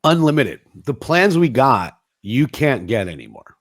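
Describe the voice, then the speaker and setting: A man's voice: medium pitch, sing-song, measured pace. A man speaking as a guest in a casual interview, rambling and telling stories with acted-out quotes. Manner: rambling, anecdotal, acts out quoted dialogue; frequent restarts and fillers. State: coughing at times. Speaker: guest, 5G business internet provider.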